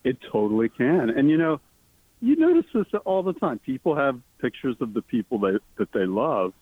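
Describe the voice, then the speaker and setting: A man, an author being interviewed, talking earnestly and enthusiastically, his pitch leaping up on the words he cares about. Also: very animated, moderate pace, slightly rough, dry recording. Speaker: author guest. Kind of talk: interview conversation. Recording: tinny phone line.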